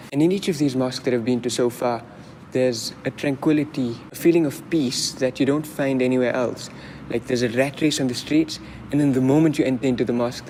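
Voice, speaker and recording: A man narrating his travel vlog in a calm, thoughtful voice-over. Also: medium pitch, slight background noise. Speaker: vlogger. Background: music.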